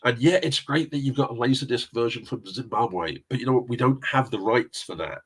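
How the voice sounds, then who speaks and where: A middle-aged man from England, chatting casually as an interview guest. His voice has a husky, slightly rough edge at an ordinary male pitch. He wanders from anecdote to anecdote and chuckles often. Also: a little fast. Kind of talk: casual chat.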